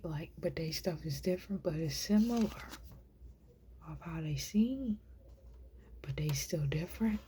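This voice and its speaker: A woman vlogger musing aloud to camera, soft and rambling, often half-whispered. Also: fairly low pitch, husky.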